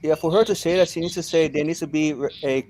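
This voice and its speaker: A man's voice: on the high side, fairly even intonation, quick pace, darkish tone, slight background noise. A man hosting a casual panel discussion, often chiming in with agreement. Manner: agreeable, chimes in often with yeah and right.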